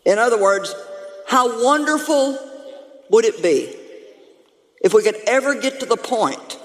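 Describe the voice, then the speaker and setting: A woman pastor preaching a lively, humorous sermon to her congregation, calling out to them as she goes. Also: on the high side, measured pace, long reverb tail. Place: church sanctuary.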